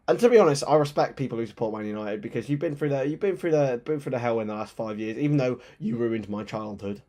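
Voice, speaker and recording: A young man hosting a live football watchalong, chatting with viewers and switching into excited play-by-play commentary. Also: medium pitch, a little fast. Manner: chatty, reads chat aloud, bursts into excited play-by-play.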